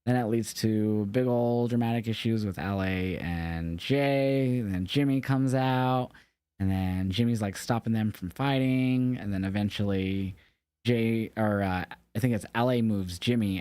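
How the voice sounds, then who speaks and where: Young male co-host, low-pitched, dry sound; casual, rambling recap delivery that corrects itself. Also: unhurried, a little mellow, smooth, no room sound. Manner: rambling, loose, swears casually, self-correcting. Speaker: podcast co-host. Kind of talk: casual wrestling recap chat.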